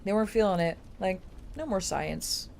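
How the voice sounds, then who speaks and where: A woman streamer reading aloud and chatting on a live stream, excitable and incredulous, with casual swearing. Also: medium pitch, moderate pace, vocal fry, slight background noise.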